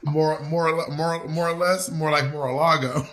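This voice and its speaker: A man's voice: fairly high pitch, steady tone, measured pace, a bit bright. A man co-hosting a podcast in casual, teasing chat, swearing freely. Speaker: podcast co-host.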